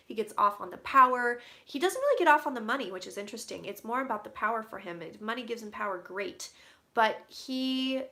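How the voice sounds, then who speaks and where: A woman giving a casual psychic reading, relaying what she hears in quick quotes and swearing casually. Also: medium pitch, sharp tone. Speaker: psychic reader. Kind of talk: casual intuitive reading to camera.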